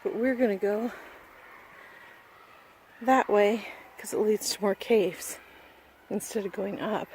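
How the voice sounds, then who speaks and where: A woman vlogging on a phone as she hikes through caves and woods, talking excitedly to the camera and out of breath at times. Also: mid-range voice, slight background noise. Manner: chatty, excited, talking to camera while walking. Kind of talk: casual hiking vlog. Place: outdoors in caves and forest. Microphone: phone held while walking.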